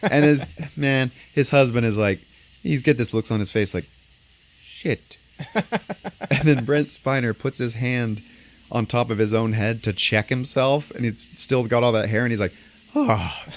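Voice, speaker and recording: A man's voice: medium pitch, moderate pace. A man casually recapping a movie on a podcast, rambling with lots of fillers and acting out lines. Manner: rambling, many fillers, acts out quotes.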